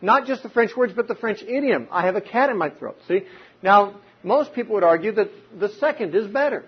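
Husky high-voiced man teaching. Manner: explanatory, uses examples and rhetorical questions. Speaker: Bible teacher. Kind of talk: unscripted teaching talk. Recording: dull lo-fi recording.

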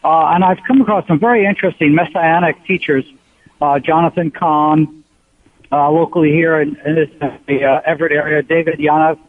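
A man in his sixties from the United States calls into a radio show and speaks earnestly, often pausing as he talks. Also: fairly high pitch, steady tone, no room sound. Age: 60s. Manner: earnest, halting with many pauses. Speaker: radio caller. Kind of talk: call-in question. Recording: tinny phone line.

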